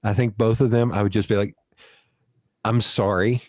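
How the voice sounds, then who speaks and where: A male podcast host telling stories in a casual chat, animated, laughing often and swearing freely. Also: fairly low pitch, quick pace, dry recording, clean studio sound.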